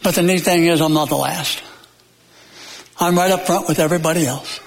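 A man preaching a sermon in a church, emphatic and folksy, repeating phrases with dramatic pauses and joking now and then. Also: on the high side, fairly even intonation, gravelly. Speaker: pastor. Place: church sanctuary. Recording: long hall reverb.

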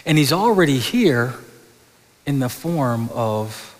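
A man's voice: medium pitch, big pitch swings, takes it slowly. Pastor guy preaching, keeps tripping over his words then gets fired up, big echoey church sound. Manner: stammering restarts, rising to impassioned peaks. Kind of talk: sermon. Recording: long hall reverb.

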